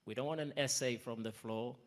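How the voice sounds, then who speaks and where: A man's voice: mid-range voice, steady tone, fairly quick. A man chairing a panel at a public event, speaking emphatically with self-deprecating asides. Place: conference hall.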